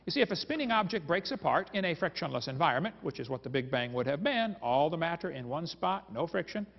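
This creation seminar speaker has a fairly high, gravelly voice that swings widely in pitch as he talks fast. His lecture to the live crowd is homespun and full of jokes, and the hall audio is dull and reverberant.

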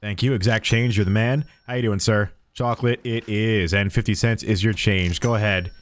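A man's voice: lowish voice, fairly even intonation, normal speed. A man streaming a game, chatting playfully with in-game customers as if he were a cheerful cashier. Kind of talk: casual gameplay commentary.

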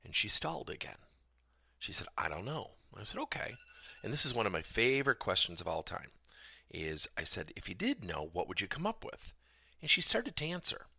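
A man's voice: fairly low pitch, very animated, a little fast, gravelly, sharp tone, husky, no echo. A middle-aged man, a business coach hosting a podcast, tells a story and acts out both sides of a conversation.

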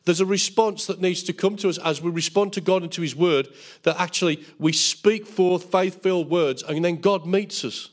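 A middle-aged pastor teaching a bible school sermon, acting out quotes in a raised, lively voice. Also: male voice, high voice, moderate pace. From England. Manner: animated, acts out quotes in a raised voice.

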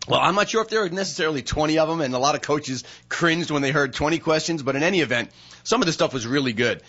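A man's voice: a little high, animated, quick pace, pushed and bright, lo-fi sound. A man hosting a radio talk show from a studio, chatting casually and reading down a list of questions.

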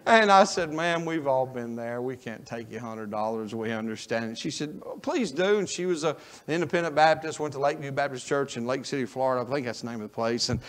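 A man preaching a sermon as a folksy storyteller, dropping to a hush and rising to a shout. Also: mid-range voice, lively intonation, fairly quick. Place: church sanctuary.

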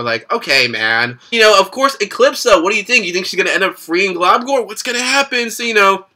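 A young man hosting a casual cartoon reaction video, talking in an excitable, slangy way. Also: sits high, a little fast, few pauses. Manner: excitable and slangy, lots of laughing asides. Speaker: YouTube reaction host.

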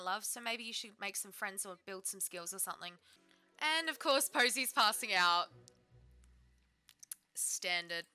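Bright, bubbly woman narrating gameplay. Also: on the high side. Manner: bubbly, chatty, talks to her game characters. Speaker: gaming YouTuber. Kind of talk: let's play commentary.

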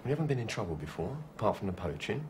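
A firm, patient police officer. He coaxes and persuades in a lively, rising and falling voice. The television drama soundtrack carries clear background noise. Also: lowish voice, racing. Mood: coaxing. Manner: steady, coaxing, firmly persuasive. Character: calm, firm male police officer negotiator.

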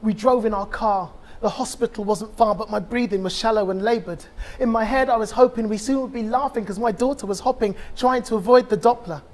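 A man, a bereaved father, giving a conference talk and reciting a spoken-word poem with rhythmic, impassioned delivery and dramatic pauses. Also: high voice.

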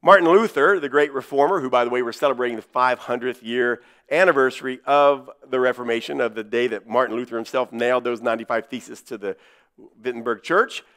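A male pastor preaching a sermon in a church, stressing key words by slowing down and repeating them. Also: mid-range voice, steady tone, a bit bright, clean tone.

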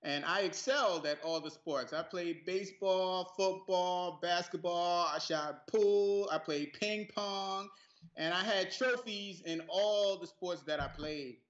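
A man from New York City, a guest actor telling stories in a relaxed, casual interview, often laughing. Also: high-pitched, a little slow, roomy sound, lo-fi sound. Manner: laid-back, laughing storyteller.

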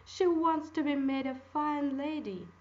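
A woman's voice: sits high, unhurried, highs cut off, pitched above the performer's own voice. A woman doing a meek old fisherman. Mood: pleading. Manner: pleading and humble.

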